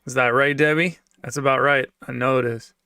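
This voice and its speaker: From his basement apartment at home, a man talks to his livestream chat in a loose, rambling way, full of sarcasm and swearing. His gravelly, creaky voice sits at a middle pitch with fairly even intonation, a little fast, pushed and bright. The sound is dry and close, with no room echo.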